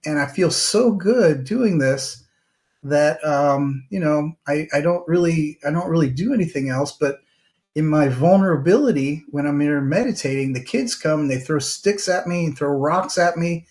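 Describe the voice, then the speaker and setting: A man voicing a once-mean male snake, now meek and battered, talking in a halting, rambling way in a spoken fable. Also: a little high, darkish tone, natural voice.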